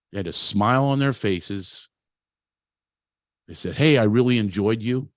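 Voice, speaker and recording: Candid low-voiced man telling his story. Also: dry recording, clean studio sound. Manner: confessional, self-deprecating, loose with restarts. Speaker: producer and speaker at a talent event. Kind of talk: candid motivational storytelling talk.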